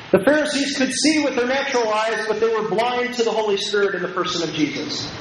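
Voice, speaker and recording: A man with a high, fairly bright voice talks fast with few pauses, preaching an emphatic, repetitive Bible lecture and leading his listeners in call-and-response. It's recorded in a lecture hall, echoey with faint noise.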